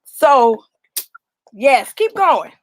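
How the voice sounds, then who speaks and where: A woman joining a casual chat as a guest over a video call, chatty and quick with asides. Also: high-pitched, big pitch swings, slight background noise.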